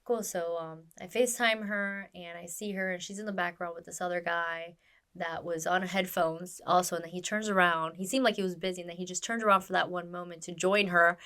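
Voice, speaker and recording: A woman's voice: on the low side, fairly quick. A woman, a stunt performer, telling her story in a casual interview, acting out quoted lines with lots of fillers. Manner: animated, acts out quoted dialogue, many fillers.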